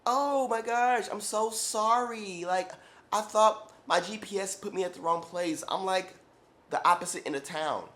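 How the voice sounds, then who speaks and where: A man's voice: high voice, measured pace, sharp tone, pitched above the performer's own voice. A man voicing a flaky young woman who gushes apologies in a raised, breezy tone. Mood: apologetic. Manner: gushing, over-apologetic, breezy.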